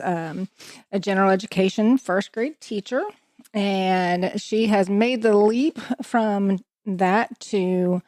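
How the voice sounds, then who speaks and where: Slow-talking woman podcast host. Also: mid-range voice, darkish tone, no room sound, clean studio sound. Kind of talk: casual chat.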